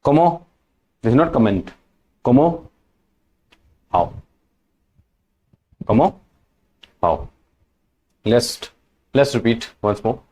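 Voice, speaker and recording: Slow, lively-pitched man teaching French. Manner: slow, patient, repeats each word and example. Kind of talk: language lesson.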